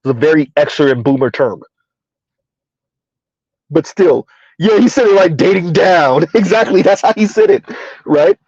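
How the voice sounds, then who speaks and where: A man's voice: a little high, animated, unhurried, long pauses, darkish tone, no echo. A man giving rambling, opinionated commentary, throwing rhetorical questions at his listeners. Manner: rambling, rhetorical, keeps asking "huh?". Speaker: commentary vlogger. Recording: dull lo-fi dry sound.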